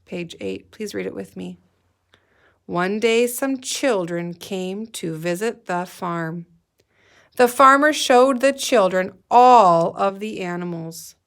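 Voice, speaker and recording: Teacher lady reading a picture book to her class, slow and careful, lots of feeling in the voice. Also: medium pitch. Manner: slow, clear read-aloud with expressive dialogue. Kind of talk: guided reading lesson.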